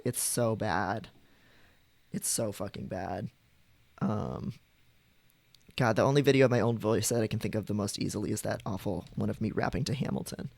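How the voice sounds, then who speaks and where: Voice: mid-range voice, creaky, darkish tone, dry recording. A streamer chatting casually with viewers, rambling with frequent ums and likes.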